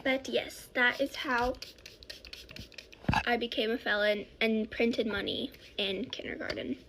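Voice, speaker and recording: A woman's voice: a little high, measured pace, slight background noise. A woman telling a childhood story in a casual, rambling way, often correcting herself. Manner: rambling, self-correcting, animated.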